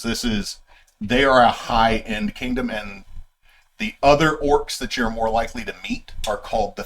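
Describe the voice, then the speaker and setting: A man as game master, casually walking his players through setting lore with plenty of fillers and restarts. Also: lowish voice. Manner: rambling, filler-heavy explaining. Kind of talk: casual session-zero lore briefing.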